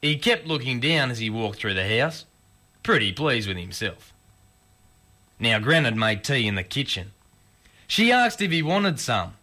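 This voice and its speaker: A man reciting a comic rhyming bush poem in an animated storytelling manner. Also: medium pitch, measured pace, pauses often.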